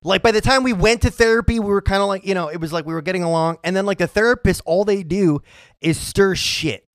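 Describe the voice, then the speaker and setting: A blunt man with a high voice chats casually on a comedy podcast and swears often. The sound is dry and close. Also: fast, no echo. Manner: profane, blunt. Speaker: podcast co-host.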